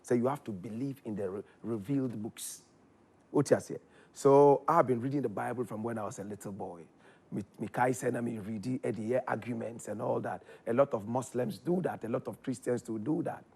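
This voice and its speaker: A man with a Ghanaian accent telling his story in casual chat, animated, his voice jumping up when excited. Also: mid-range voice, brisk, gravelly, breathy edge. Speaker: guest.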